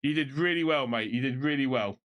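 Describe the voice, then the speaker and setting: A man commentating online races on his live stream, shouting during close finishes and then chatting loosely to his viewers while out of breath. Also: mid-range voice, brisk. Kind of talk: live race commentary and casual chat.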